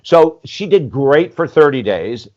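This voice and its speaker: Animated man in his sixties, telling stories. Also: fairly high pitch, measured pace, dull audio. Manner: animated, acts out quoted dialogue, frequent "you know", casual swearing. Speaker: podcast guest, life coach. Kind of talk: candid storytelling interview.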